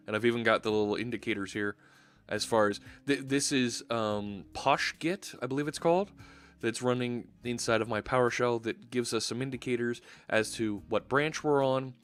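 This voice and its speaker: Man, live-coding streamer, casual chatty narration with fillers, mid pitch, faint music under. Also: a bit bright. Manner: chatty, thinking aloud with fillers.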